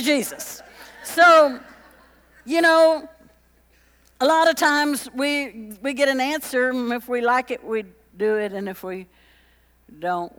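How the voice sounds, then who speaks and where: A woman preaching a lively, conversational sermon, chatty and joking with the congregation as she acts out little quotes. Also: a little high, long reverb tail.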